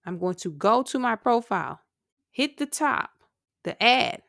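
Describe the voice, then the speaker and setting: A woman hosting a podcast and chatting through the news in a casual, animated way, with asides to her listeners. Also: fairly high pitch, unhurried, gravelly, no room sound, studio quality. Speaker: podcast host. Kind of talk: casual commentary monologue.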